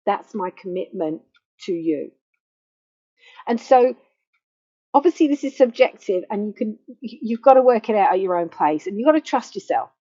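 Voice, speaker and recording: Woman grief counsellor, warm low-key tone, soft and unhurried guidance, muffled recording. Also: animated, slightly rough. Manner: gentle, slow and reassuring, softening to a near hush. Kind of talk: guided self-help talk. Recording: dull lo-fi faulty microphone.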